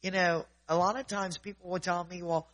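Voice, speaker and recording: A man's voice: high-pitched, level tone, fairly quick, a bit bright, poor audio. A man preaching informally in a conversational way, often checking in with his listeners.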